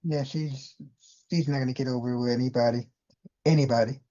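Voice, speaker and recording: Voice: medium pitch, steady tone, fairly quick, dark tone, highs cut off. A podcast co-host in casual wrestling chat, adding blunt, profane side comments.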